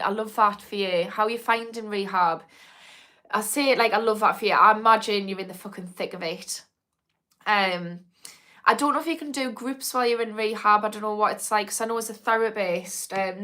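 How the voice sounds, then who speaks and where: A woman's voice: medium pitch, a bit bright. Frank woman hosting a live Q&A. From Newcastle, north of England. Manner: frank and casual, swears freely, trails off with ums. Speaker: addiction therapist and live-stream host. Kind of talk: live-stream Q&A, reading viewer comments.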